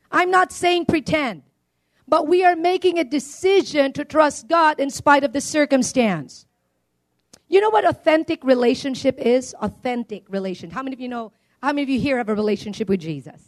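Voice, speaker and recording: High-pitched female preacher, animated call-and-response sermon style. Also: normal speed. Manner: animated, swings between loud declarations and quiet asides.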